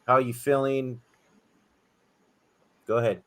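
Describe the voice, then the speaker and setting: A man's voice: medium pitch, steady tone, a bit bright. Laid-back man hosting a sports podcast. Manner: laid-back, brisk introductions. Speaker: podcast host.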